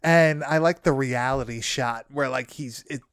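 A man's voice: medium pitch, measured pace, a bit bright, clean tone, no room sound, clean studio sound. A young man casually recapping a horror movie, swearing, laughing often and rambling through fillers.

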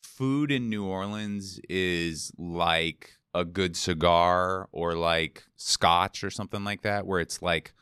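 Man, podcast host, lowish voice, smooth resonant tone, wry riffing, dry studio sound. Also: slow, few pauses, bright, forceful tone, no room sound. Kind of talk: casual podcast banter.

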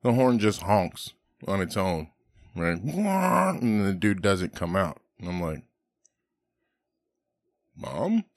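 Deep-voiced man telling profane stories. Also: very animated, slow pace, no echo. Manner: profane, rambling, laughs while telling stories. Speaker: podcast host. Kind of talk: casual storytelling chat.

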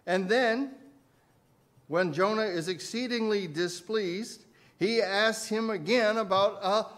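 A man preaching a sermon as pastor, swinging between loud emphasis and quiet asides and putting questions to his listeners. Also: sits high, takes it slowly. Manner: asks the congregation questions.

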